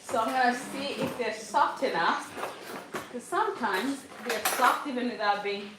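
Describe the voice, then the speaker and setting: A woman's voice: fairly high pitch, animated, moderate pace. A middle-aged woman hosting a casual livestream from her home kitchen, chatting with viewers and reading their comments while she cooks. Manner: chatty, reads viewer comments aloud, frequent laughs. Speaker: livestream host, mother of a large family. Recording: echoey kitchen with faint noise.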